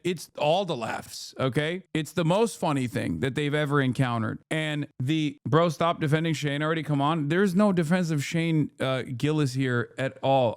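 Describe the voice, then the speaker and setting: A man's voice: on the high side, no echo, studio quality. A man streaming, reacting to a clip and ranting about politics in a casual, profane, lecturing way.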